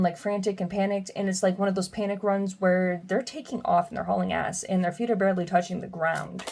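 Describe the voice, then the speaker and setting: A young woman giving a casual tarot reading, chatty and quick to laugh as she reads the card messages aloud. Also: on the low side, darkish tone. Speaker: tarot reader.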